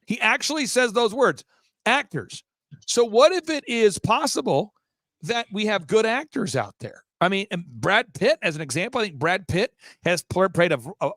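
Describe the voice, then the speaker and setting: Rapid-fire and emphatic, a live talk show guest fires off one rhetorical question after another. His voice sits high and sounds a bit bright in a dry, clean studio recording.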